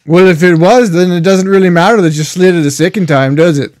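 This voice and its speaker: A man's voice: sits high, fairly quick, a little mellow. A man playing a tabletop game, trading dry, sardonic quips. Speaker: player.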